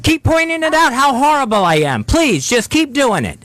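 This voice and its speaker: Brief: male radio host, very high-pitched, bitter and defensive, curses a lot. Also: huge pitch swings, normal speed, a bit bright, dry recording. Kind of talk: on-air argument.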